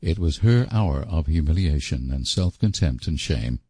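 Deep, husky male audiobook narrator. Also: dry recording. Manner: measured, expressive storytelling. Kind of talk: scripted narration.

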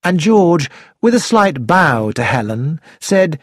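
Guy narrating a mystery novel, slightly high voice, lots of ups and downs. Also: sing-song, takes it slowly, no room sound, studio quality. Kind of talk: audiobook narration.

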